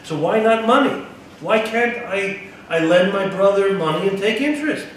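A man's voice: sits high, expressive, moderate pace. A man giving a Torah-study lesson, reading a Hebrew text aloud, translating it, and asking his listeners rhetorical questions. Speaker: Torah teacher. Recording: echoey room, distant mic, faint background noise.

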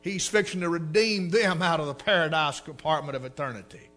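A man preaching a sermon with fervor, his voice climbing into shouts. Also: fairly high pitch, steady tone, brisk, faint music behind. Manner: fervent, rising to shouts.

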